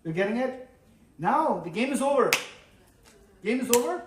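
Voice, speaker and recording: A man with a high voice gives a lively Buddhist teaching, acting out little scenes in different voices and checking in with "yes, no?". He is a native Tibetan speaker. The sound is roomy and picked up from some distance. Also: normal speed, background noise. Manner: animated, acts out quoted voices, asks "yes, no?". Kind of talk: dharma teaching. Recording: echoey room, from far off.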